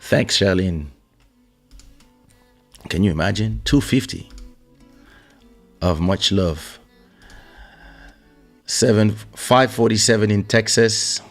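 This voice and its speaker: A man with a very low voice, hoarse from losing it, speaking slowly and easily as he hosts a live-stream podcast. He greets viewers by name and thanks them in a relaxed, unhurried chat over a faint bed of music. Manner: greets viewers by name, warm shout-outs. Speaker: podcast host. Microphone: studio microphone.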